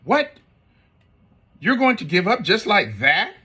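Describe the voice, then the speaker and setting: A man's voice: medium pitch, very animated, unhurried, pushed and bright, husky, heavily acted. A man voicing an exasperated mother who wants to give away her son's toys. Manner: firm, weary.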